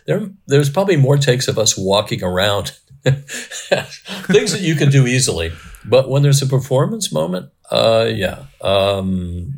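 A middle-aged man, a cinematographer guest, telling rambling anecdotes in casual interview chat. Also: lowish voice.

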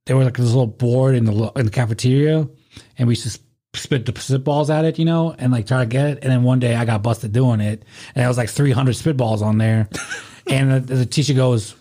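A man's voice: medium pitch, dark tone. A man telling rambling, profane stories in a casual podcast chat.

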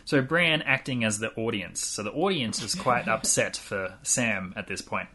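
A man co-hosting a casual chat, animatedly recapping an episode and slipping into quick character impressions. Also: lowish voice, pushed and bright, husky. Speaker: podcast co-host.

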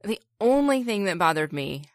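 A woman co-hosting a casual film discussion, animated, laughing often and acting out reactions. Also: medium pitch, moderate pace, dry recording, clean studio sound. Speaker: podcast co-host.

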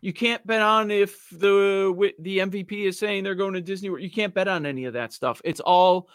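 Brief: easygoing male co-host, fairly high voice, dry close sound. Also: normal speed, a bit bright, clean tone, no echo. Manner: easygoing, explanatory, laughs often. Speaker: podcast co-host. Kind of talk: casual sports talk.

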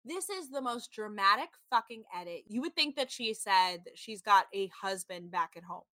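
A woman's voice: mid-range voice, normal speed, no echo. A woman in her thirties chatting casually as a podcast co-host, telling stories animatedly, packed with "like" and acted-out quotes. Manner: animated storytelling, frequent "like", acts out quotes. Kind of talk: casual chat recapping a reality show.

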